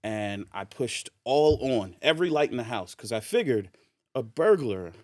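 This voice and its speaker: A man tells a story in a relaxed, animated way, laughing through it. His voice sits at an ordinary pitch. The sound is dry and close on a podcast mic. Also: moderate pace, no echo. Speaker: podcast guest. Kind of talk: casual anecdote telling.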